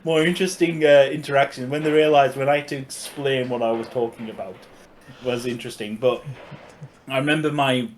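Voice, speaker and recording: A man's voice: medium pitch, fairly even intonation, slight background noise. A middle-aged man from Cumbria with a Cumbrian English accent, co-hosting a casual podcast chat and laughing often as he talks. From Cumbria, England. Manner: chatty, laughs often, quick bursts. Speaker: podcast co-host.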